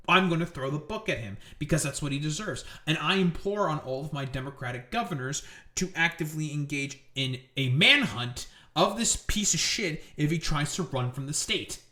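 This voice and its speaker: A man's voice: fairly high pitch, sharp tone, echoey room. A man giving angry, profane commentary on political news clips, ranting at the people he covers.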